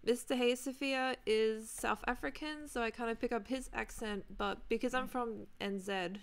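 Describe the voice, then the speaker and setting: Woman, young adult, Australian accent, smooth voice with a gravelly fry, chatty live-stream talk. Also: a little high, fairly even intonation, moderate pace. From New Zealand, raised in Australia. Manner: chatty, greets viewers by name. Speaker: gaming streamer. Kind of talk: casual live-stream chat.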